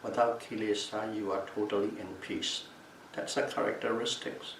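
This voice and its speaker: A male meditation teacher giving a calm Buddhist Dhamma talk at a retreat, repeating and restating key terms as he explains them. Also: fairly low pitch, moderate pace, creaky. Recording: echoey room, mic at a distance, faint background noise.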